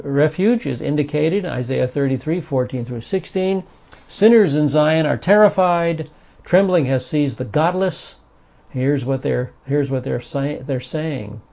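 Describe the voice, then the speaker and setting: A man lectures on scripture, explaining each passage and reading the verses with extra weight. His voice is dark and gravelly, with some fry. The recording sounds dull and lo-fi. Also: medium pitch. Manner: explanatory, reads scripture aloud with emphasis. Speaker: Bible teacher. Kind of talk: Bible study lecture.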